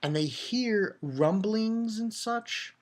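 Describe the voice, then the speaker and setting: A man giving a casual, rambling review of a manga chapter. He chuckles often and jumps into higher voices for the characters he quotes. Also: lively intonation, slow.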